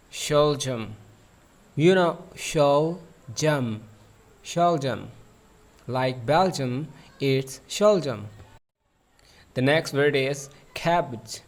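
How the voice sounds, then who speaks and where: Slow, drilling male English teacher. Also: mid-range voice. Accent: South Asian English. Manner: repeats each word several times with translations. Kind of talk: vocabulary lesson for kids.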